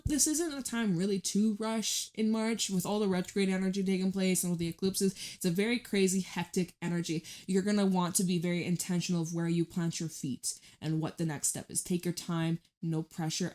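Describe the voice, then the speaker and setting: Lady doing a tarot reading, kinda low voice, talks a lot and swears casually. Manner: chatty, emphatic, swears casually. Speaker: tarot reader.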